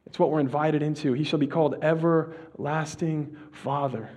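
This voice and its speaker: This man's sermon feels laid-back and conversational, with slang and false starts. He speaks at a fairly high pitch and lowers to a slow hush whenever he hits a key phrase.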